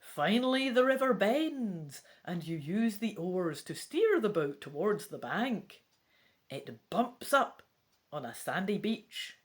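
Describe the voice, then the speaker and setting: A woman's voice: mid-range voice, very animated, slow pace. Chatty Scottish woman reading a gamebook. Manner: chatty and wry, casual swearing. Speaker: gamebook reader. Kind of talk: reading a gamebook aloud with commentary.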